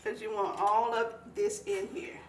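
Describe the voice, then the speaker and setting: A woman from eastern North Carolina, giving a folksy, animated cooking demonstration. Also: medium pitch, measured pace, roomy sound, distant mic, slight background noise. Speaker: home cook.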